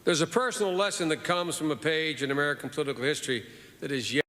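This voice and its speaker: A man in his sixties giving a formal eulogy in a measured, earnest way with repeated phrases, in a large hall at a funeral. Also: fairly high pitch, fairly bright tone. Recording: reverberant hall.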